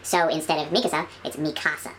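A woman with a somewhat low voice tells animated stories in a casual studio chat, often dropping to quiet, mumbled asides. She is recorded close on a studio microphone, a faint hiss underneath. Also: quick pace.

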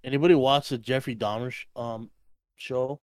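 A man chatting on a casual podcast, his pitch sitting right in the middle of the range. He rambles and swears freely, piling on filler words. The sound is dry and close, with little room in it. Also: fairly even intonation, moderate pace, no room sound. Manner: rambling, heavy swearing, lots of "like". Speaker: podcast co-host. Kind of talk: casual chat. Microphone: computer mic on a voice call.

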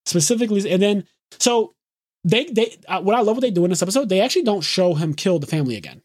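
Excited high-voiced man recapping. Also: no echo, clean studio sound. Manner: excited, swears freely, rapid run-on retelling. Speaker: podcast host. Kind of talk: casual anime episode recap.

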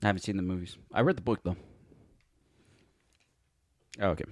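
A young man talks casually about upcoming films in a fairly low voice. He rambles, stops to fix his slips and loses names along the way. The sound is dry and close, with no room echo. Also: a little fast. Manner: rambling, often corrects himself and loses names. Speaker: podcast co-host. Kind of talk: casual movie podcast chat.

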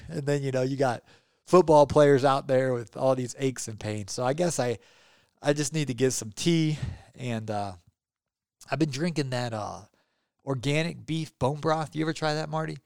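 A gravelly middle-aged man, chatting loosely on his podcast. He rambles upbeat with plenty of ums and asides. The sound is dry and close, with no room around it. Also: medium pitch, normal speed, a little mellow, dry recording. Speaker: podcast host. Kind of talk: casual solo podcast outro.

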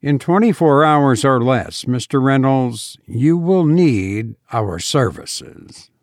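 A man's voice: medium pitch, animated, darkish tone, dry recording, studio quality. A man reading aloud, voicing a suave, polite, sinister undertaker in a storybook reading. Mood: suave, pleasant. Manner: suave, pleasant, measured.

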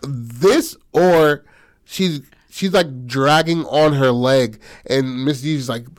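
A man's voice: mid-range voice, takes it slowly. A man in casual chat, retelling a film story in slangy, profane talk full of fillers. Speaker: co-writer pitching a film story.

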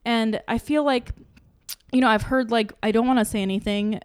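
A woman's voice: fairly high pitch, fairly even intonation, moderate pace, clear, resonant tone, no room sound. Woman, casual podcast co-host, rambling and profane, dry close mic. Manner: rambling, full of "like" and restarts, swears freely; acts out her own inner questions. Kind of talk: casual chat.

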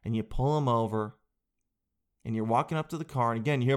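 A man comedian telling a comic monologue in an animated, profane storytelling way. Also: medium pitch, fast talker. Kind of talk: stand-up style comic monologue.

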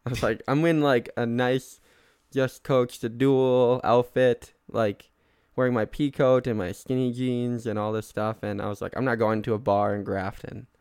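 A man's voice: mid-range voice, level tone, moderate pace, a little mellow, smooth, no room sound, studio quality. A young man chatting casually on a podcast, rambling and self-mocking, laughing often. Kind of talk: casual chat.

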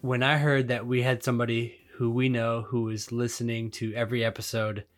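A man's voice: mid-range voice, level tone, fairly quick. A man co-hosting a podcast, chatting casually and joking with his wife. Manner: joking, conversational. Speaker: podcast co-host. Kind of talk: casual chat.

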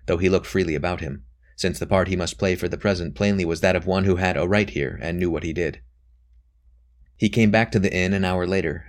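A man narrates a novel aloud. His delivery is measured and even, and his voice sits very low. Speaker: audiobook narrator. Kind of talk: scripted narration.

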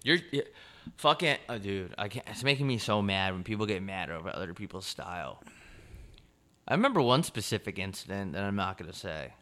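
Bright-toned young male co-host, sweary, mocking, prone to loud bursts. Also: low-pitched, very animated, brisk. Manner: ranting, profane, mocking, swings loud. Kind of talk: casual comedic banter.

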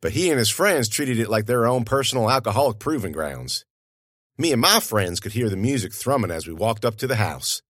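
A man's voice: medium pitch, lively intonation, brisk, fairly bright tone, dry recording, studio quality. A man narrating an audiobook in a folksy, conversational storytelling manner.

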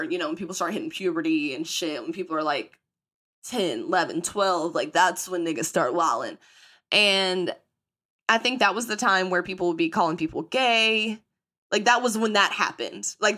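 Lively, bright-voiced young woman podcaster. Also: on the low side. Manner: candid and profane, acts out quoted voices. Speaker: podcast host. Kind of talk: casual storytelling monologue.

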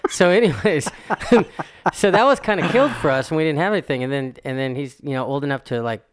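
A man's voice: fairly high pitch, expressive, fairly quick, a little hiss or hum. A middle-aged man co-hosting a podcast, chatting in an easygoing way and laughing often. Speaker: podcast co-host. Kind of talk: casual chat.

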